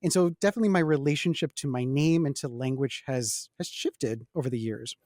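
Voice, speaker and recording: A man's voice: mid-range voice, a little fast, a little mellow, no echo. Earnest man hosting, very dry sound. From Texas-Mexico border. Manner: reflective, earnest, asks guests questions. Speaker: host. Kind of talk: casual conversation.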